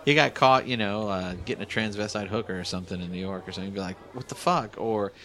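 Casting: male co-host, low voice, fast profane rambling banter. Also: steady tone, a bit bright. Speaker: podcast co-host. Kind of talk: casual comedy chat.

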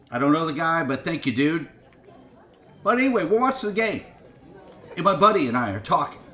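A man's voice: mid-range voice, roomy sound. A middle-aged man hosting a music show, telling an indignant, profane story with laughs. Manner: animated, swearing, laughing, indignant. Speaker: radio show host.

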